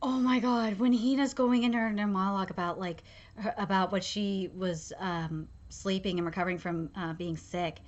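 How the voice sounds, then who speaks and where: A woman's voice: medium pitch, fairly even intonation, moderate pace, highs cut off. A young woman giving an emotional live reaction to an anime episode, gushing and full of fillers and restarts.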